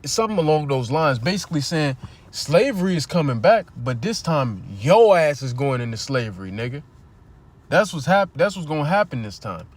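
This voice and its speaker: A man's voice: fairly high pitch, big pitch swings, moderate pace. Fervent, blunt man preaching on a livestream. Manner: fervent and blunt, swears, reads scripture aloud; asks listeners rhetorical questions. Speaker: preacher streaming a scripture teaching. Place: near a street.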